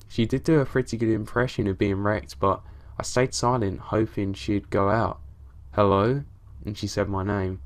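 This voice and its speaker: Low-voiced man narrating a horror story. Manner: low-key, steady storytelling with casual swearing.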